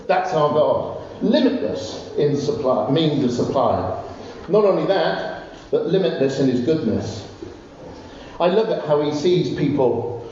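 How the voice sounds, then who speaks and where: A man preaching a sermon, telling Bible stories with animated, rising exclamations. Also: on the high side, a little slow. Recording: distant, roomy, dull recording with faint noise.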